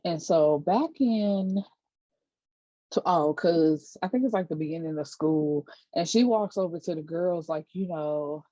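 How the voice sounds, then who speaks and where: A woman's voice: lowish voice, unhurried, warm tone, no echo. A woman giving a casual, chatty TV episode recap, retelling scenes with lots of fillers. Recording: dull lo-fi dry recording.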